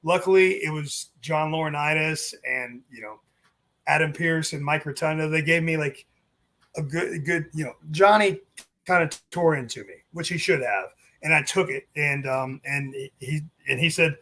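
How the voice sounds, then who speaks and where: A man's voice: a little high, moderate pace, creaky. A man, a former wrestling referee, telling stories in a casual interview, acting out what others said to him. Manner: animated, acts out quotes with swearing and laughs.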